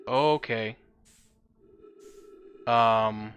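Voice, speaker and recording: Man, streamer, casual gameplay chat, excitable, bright tense tone. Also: medium pitch, measured pace, slight background noise. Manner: chatty, excitable, talks back to his cat. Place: home with a cat nearby.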